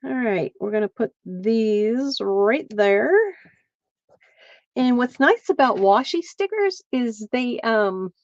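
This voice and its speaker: A woman talks her viewers through a craft project at a slow, easy pace, explaining each step as her hands work. Her voice sits a little high. The stream audio is dry and dull, with a lo-fi edge. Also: expressive, dry recording. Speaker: craft livestream host. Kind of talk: casual crafting demonstration.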